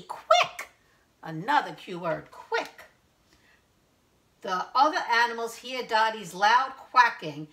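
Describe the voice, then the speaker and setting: A woman preschool teacher reading a picture book aloud to young children in slow, sing-song teacher talk, asking them questions. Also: fairly high pitch, a bit bright.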